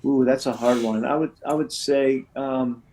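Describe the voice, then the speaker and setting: A man's voice: mid-range voice, fairly even intonation, a little slow, warm tone, slight background noise, low-quality recording. A middle-aged man speaking as an interview guest about recovery, earnest and passionate, often restarting his sentences and saying "you know". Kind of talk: casual interview talk.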